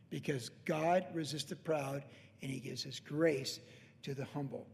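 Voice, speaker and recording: A man's voice: mid-range voice, fairly even intonation, unhurried, gravelly, darkish tone, in a large hall, a little hiss or hum. A man in his late fifties, a pastor telling a rambling, conversational story in a casual sermon, full of restarts and asides. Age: late 50s.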